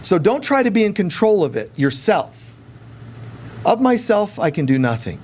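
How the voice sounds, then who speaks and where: A male spiritual teacher speaking in a high, lively voice that swoops up and down. He keeps things casual and conversational, now and then slipping into acted-out prayers as he teaches. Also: moderate pace. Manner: animated, acts out quoted prayers.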